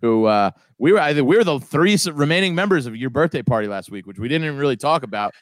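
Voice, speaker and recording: A man's voice: mid-range voice, lively intonation, fast talker, dry recording. A man co-hosting a podcast, telling stories in a rambling, casual way. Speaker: podcast co-host. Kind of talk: casual chat.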